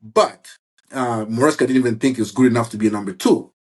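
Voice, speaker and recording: A man talking football in a casual chat, halting and restarting often and asking "you see what I'm saying". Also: medium pitch. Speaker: football fan guest.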